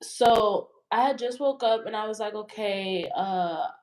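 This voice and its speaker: High-voiced woman retelling emotionally. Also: steady tone, moderate pace, darkish tone, poor audio. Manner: rambling, emotional retelling full of "like". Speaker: interview guest. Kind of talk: casual interview storytelling.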